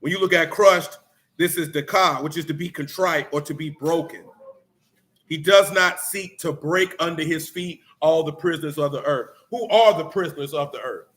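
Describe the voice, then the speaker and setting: Brash preacher, bright voice. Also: male voice, on the high side, normal speed. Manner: blunt street talk with scripture reading. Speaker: teacher. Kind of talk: sermon.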